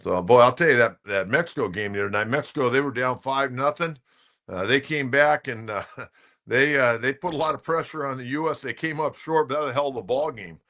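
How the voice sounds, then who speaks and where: Older male sports-radio host, bright, chatty, opinionated storyteller. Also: mid-range voice, a little fast. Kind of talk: casual sports talk commentary.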